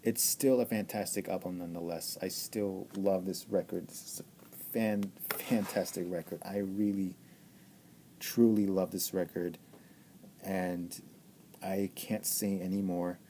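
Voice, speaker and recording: A man's voice: sits low, steady tone, a little slow, warm tone, slight background noise. A man giving an enthusiastic album review, gushing and repeating himself with many stammered restarts. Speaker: music reviewer.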